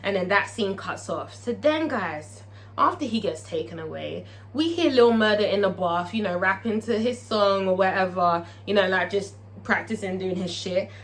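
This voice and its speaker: A woman recapping a TV episode in a casual vlog, profane and excitable, tagging her lines with "okay?". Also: medium pitch, moderate pace. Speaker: TV show reviewer.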